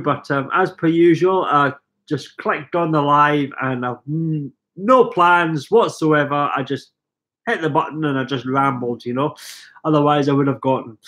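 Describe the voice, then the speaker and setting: In his living room at home, a middle-aged Scottish man with a cold coughs and rambles self-mockingly on a live stream while reading out viewer comments. His voice is a little high with a fairly bright tone.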